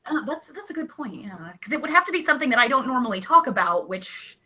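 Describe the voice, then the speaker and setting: A young woman co-hosting a comedy podcast, chatting casually and animatedly, gleefully ranting and breaking into loud exclamations. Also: high-pitched, expressive, fast. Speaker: co-host.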